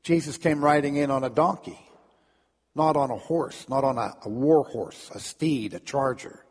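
A man's voice: medium pitch, normal speed, big-room sound. A man preaching a sermon in a storytelling manner, often repeating words and acting out crowd voices. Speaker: pastor.

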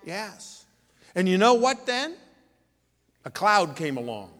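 A man leading a children's sermon in church, playful and animated, asking the kids lots of questions. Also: sits high, slow. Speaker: pastor giving children's sermon. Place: church sanctuary. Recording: reverberant church hall.

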